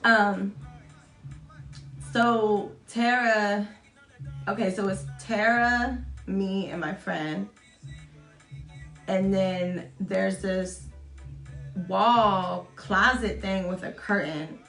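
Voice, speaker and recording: A young woman vlogger tells a story to camera in a casual, chatty way, swearing often, mocking herself, and acting out quotes in high voices. Her voice is a bit bright and creaky, with drawn-out words and long pauses. The room is echoey, with soft music behind her.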